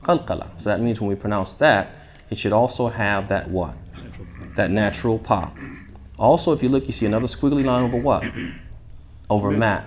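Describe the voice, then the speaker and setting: A man leading a tajweed class, explaining rules, asking his students questions and reciting Arabic phrases slowly for them to repeat. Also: lowish voice, a little hiss or hum. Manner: asks the class questions then answers them. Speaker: shaykh teaching tajweed. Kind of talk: interactive classroom lesson.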